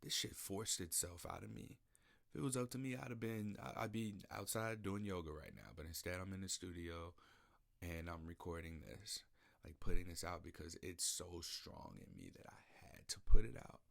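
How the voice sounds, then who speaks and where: A podcast host talks at a normal pace in a low, gravelly, fairly bright voice with an animated delivery. His studio monologue is personal, emotional, and searching, and he repeats himself often.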